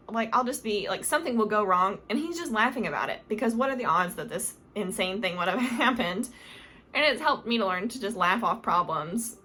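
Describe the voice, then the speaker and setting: A woman's voice: mid-range voice, pushed and bright. A young woman vlogger giving casual advice to camera, chatty and rambling, with many fillers and self-corrections. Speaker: lifestyle vlogger.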